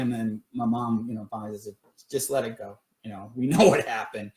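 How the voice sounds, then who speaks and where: A man's voice: fairly low pitch, steady tone, a little fast, darkish tone, echoey room. A man casually recounting a personal story on a livestream, rambling with many fillers and restarts. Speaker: paranormal research group director.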